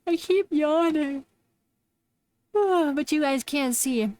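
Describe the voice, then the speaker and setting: A woman's voice: sits high, slow, pauses often, darkish tone, no room sound. Playful giggly woman streamer. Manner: playful, giggly, mock-dramatic. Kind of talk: casual live-stream chat.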